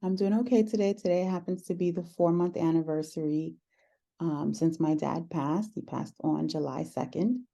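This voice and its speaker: A woman with a low, mellow voice tells a personal story in an unhurried conversation. She is earnest and reflective, pausing often with soft "um"s as she gathers her thoughts. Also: steady tone, gravelly. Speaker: podcast host sharing her story as guest.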